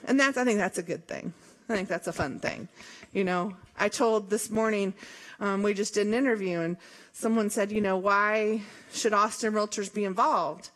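A woman's voice: mid-range voice, moderate pace. A middle-aged woman from Missouri, an association leader giving an emphatic, jokey, conversational speech at a forum. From Columbia, Missouri. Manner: lively, emphatic, jokey, with laughs and rhetorical questions.

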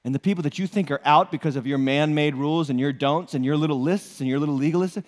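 Speaking quickly with a fairly high pitch, a male pastor from New England jokes and poses rhetorical questions during an energetic sermon. The church auditorium setting leaves a long hall reverb on the audio.

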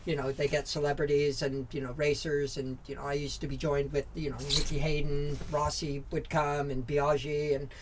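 American man, forties, podcast guest, rambling storyteller, lots of um and uh, swears casually, voice a bit on the high side. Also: flat delivery, moderate pace, few pauses, background noise. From Southern California, USA. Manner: candid and rambling, frequent fillers and restarts, casual swearing. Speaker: podcast guest, former motorcycle racer.

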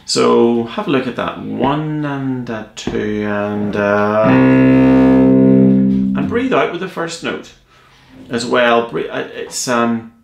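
A man's voice: mid-range voice, expressive, slow, gravelly, reverberant, dull audio, over music. A man teaching a cello piece in a playful, joking, encouraging way. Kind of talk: music tutorial.

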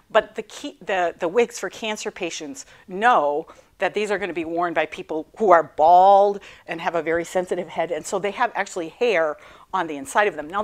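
A middle-aged woman and cancer survivor telling her own story in a class talk, animated and self-deprecating, laughing often. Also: mid-range voice.

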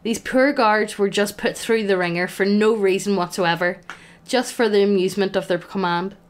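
A woman's voice: mid-range voice, steady tone, normal speed. A woman acting as game master, narrating a tabletop game in a playful, amused way.

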